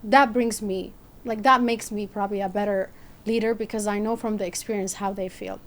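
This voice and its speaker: A woman guest in a podcast interview, telling stories from her career in a lively, casual way and acting out the people she quotes. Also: mid-range voice, brisk. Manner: animated, acts out quoted voices.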